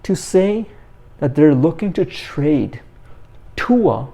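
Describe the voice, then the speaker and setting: A man's voice: on the high side, very animated, slow pace, gravelly, dark tone. A young man giving a heated, repetitive sports opinion rant as the host of his own channel. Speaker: sports commentator. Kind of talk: ranting sports opinion monologue.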